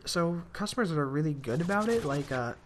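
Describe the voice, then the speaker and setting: A man's voice: on the high side, animated, a little fast, slight background noise. A young man telling rambling work stories in casual commentary over a video game, with restarts and the odd swear. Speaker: gaming commentator.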